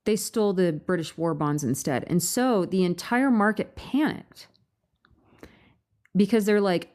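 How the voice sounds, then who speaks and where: A woman giving a casual talk to a group, reading aloud and breaking off into animated rhetorical asides. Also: fairly low pitch, measured pace. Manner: animated, rhetorical questions, frequent restarts. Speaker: presenter at a meeting.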